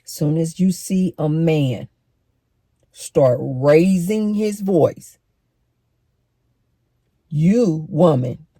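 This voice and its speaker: A middle-aged woman speaks straight to camera, giving relationship advice to the women watching. Her low, warm voice draws out words and pauses often, with no room sound. She's emphatic and preachy.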